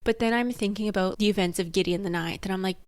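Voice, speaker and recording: A woman giving a casual, comedic book recap. She switches between animated outbursts and dramatic whispers. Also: medium pitch, fast, no room sound.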